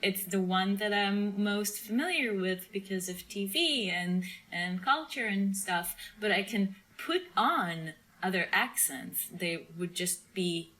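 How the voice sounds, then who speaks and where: Slow, bright-voiced woman co-host. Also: mid-range voice, expressive. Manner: hesitant, with many restarts. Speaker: podcast co-host. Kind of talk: casual chat.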